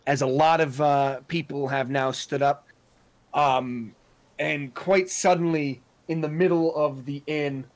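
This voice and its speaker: A man narrating as game master of a tabletop role-playing game, halting often with fillers and restarts. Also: on the high side, steady tone.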